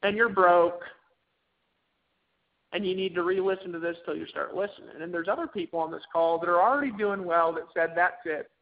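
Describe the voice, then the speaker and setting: A man's voice: sits high, brisk. A man giving an emphatic, repetitive motivational pep talk to a group on a conference call. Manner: emphatic, repetitive, preachy exhortation. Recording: tinny phone line.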